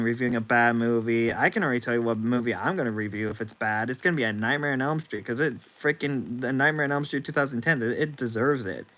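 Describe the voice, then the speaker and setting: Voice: mid-range voice, fairly bright tone, rough recording. A young male livestream host chatting casually, rambling and often restarting his sentences. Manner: rambling, stop-start, with frequent restarts.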